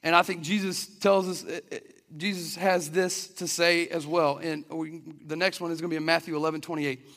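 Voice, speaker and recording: Speaking fairly quickly in a slightly high, level voice with a fairly bright tone, a man preaches earnestly and conversationally. He restarts his sentences often, and a hall's long reverb colors the sound.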